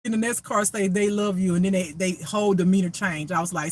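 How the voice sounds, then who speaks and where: A woman's voice: mid-range voice, fairly even intonation, fast, few pauses, darkish tone, a little hiss or hum. A woman who reads tarot as a spiritual reader, talking to viewers in a blunt, profane, laughing rant. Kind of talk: casual unscripted monologue to viewers.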